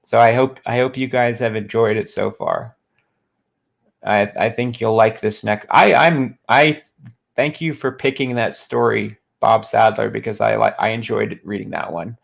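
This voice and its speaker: A man streaming live, reading a book aloud and adding mocking, deadpan asides. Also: fairly low pitch, unhurried, gravelly. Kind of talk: sarcastic live-stream commentary.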